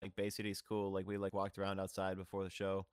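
A lower-voiced man, a band member on a podcast, tells a rambling story and laughs easily. His voice sounds dry and close, with no room echo. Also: completely flat delivery, fast talker, clean tone. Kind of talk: casual podcast chat.

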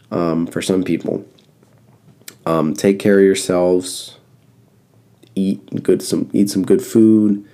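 A man hosting a casual solo podcast, congested and coughing, rambling in a flat monotone with lots of fillers, close to the mic. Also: deep voice, creaky. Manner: rambling, repeats advice with fillers. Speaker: podcast host.

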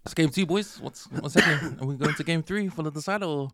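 A man with a New Zealand accent hosting a casual podcast chat, relaxed, putting questions to the group. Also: on the high side, quick pace, no echo. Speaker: podcast host.

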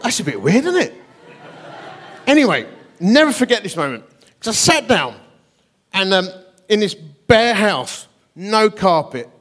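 A middle-aged man telling a story from the pulpit, his voice sitting high for a man. He is lively and self-mocking, and he acts out each character's lines as he goes. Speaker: guest preacher. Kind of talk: storytelling sermon.

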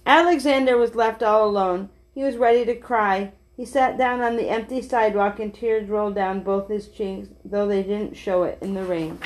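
A woman reading a children's picture book aloud in a gentle, steady way, with small slips and restarts. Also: medium pitch, normal speed, hardly any pauses, a little hiss or hum.

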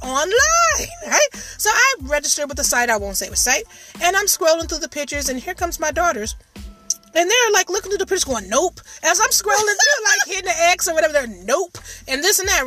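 Expressive high-voiced woman podcast host. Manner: expressive, dramatic storytelling with shrieks of panic. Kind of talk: casual chat.

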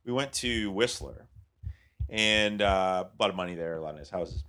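Deep-voiced man telling rambling stories. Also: animated, moderate pace, pushed and bright. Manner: rambling, swears freely, quotes people in voices. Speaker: comedy writer and producer. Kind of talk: casual podcast storytelling.

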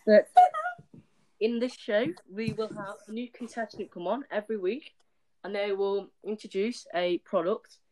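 A man's voice: high voice, fairly even intonation, a little slow, a little mellow. A man hosting a casual podcast in a chatty, loose way. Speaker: host.

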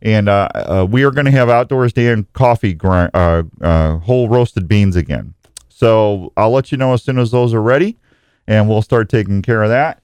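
A man's voice: lowish voice, normal speed, a little mellow, clean tone, dry recording. A male radio show host greeting listeners one by one in a jokey, rambling way, often tripping over his words. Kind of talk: live talk show with listener shout-outs.

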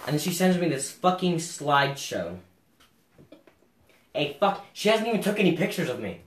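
A man's voice: fairly high pitch, sing-song, normal speed. A young man swearing constantly as he tells a crude story among friends, laughing often. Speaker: podcast co-host. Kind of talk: crude casual chat. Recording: roomy echo, off-mic, faint noise.

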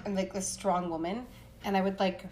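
Animated woman telling a story. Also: medium pitch, moderate pace, slight background noise. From Appalachian Pennsylvania. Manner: animated, frequent "like" fillers, acts out voices. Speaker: podcast co-host. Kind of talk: casual storytelling chat.

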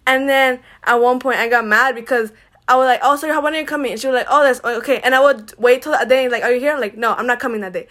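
Young woman, from Mexico, casual storytelling, animated quoted dialogue, fairly high voice. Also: quick pace. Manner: animated, acts out quoted dialogue, many "like" fillers. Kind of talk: casual chat with a friend, storytime.

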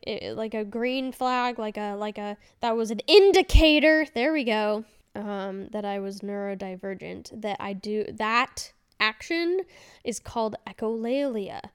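A woman's voice: fairly high pitch, normal speed, clear, resonant tone. A woman in her thirties hosting a casual solo podcast, rambling candidly with fillers and self-corrections. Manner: chatty and candid. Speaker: podcast host.

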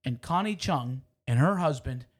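A man's voice: medium pitch, lively intonation, moderate pace, breathy edge. A man bantering playfully in a casual comedic chat, riffing on a running joke.

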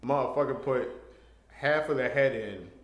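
A man co-hosting a podcast, telling a story in casual, profane, animated chat. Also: medium pitch, moderate pace. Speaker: podcast co-host. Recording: roomy echo.

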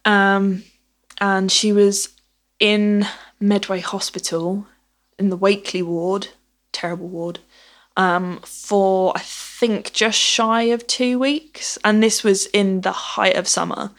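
A woman's voice: mid-range voice, little pitch movement, slow pace. A woman telling a personal story in casual conversation, acting out the dialogue as she goes. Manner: chatty, acts out dialogue with "I was like".

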